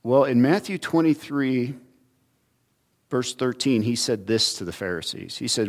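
A man's voice: medium pitch, lively intonation, a little slow. A man preaching a sermon, teaching earnestly from scripture and rising in emphasis on key points. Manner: earnest teaching with emphatic rises, occasional restarts. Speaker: pastor.

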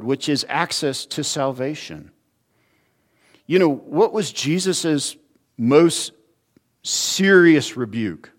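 A man preaching a sermon, teaching earnestly from scripture and rising in emphasis on key points. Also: mid-range voice. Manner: earnest teaching with emphatic rises, occasional restarts. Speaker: pastor.

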